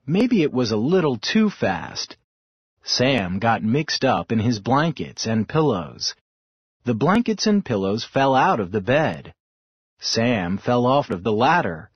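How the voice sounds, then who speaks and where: Guy reading a kids storybook, husky, lively up-and-down pitch, dull lo-fi sound. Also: no room sound. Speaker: story narrator. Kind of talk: scripted storybook narration.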